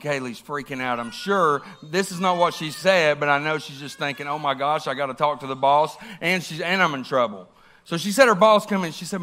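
A man's voice: on the high side, fairly quick, sharp tone. A man, preaching a sermon and telling a story, acting out the quotes with big swings in voice. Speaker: pastor.

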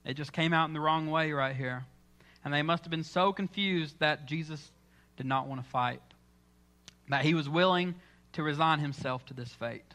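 A man's voice: a little high, normal speed, sharp tone. A man preaching a sermon in church, telling the story with dramatic, acted-out lines. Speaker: pastor.

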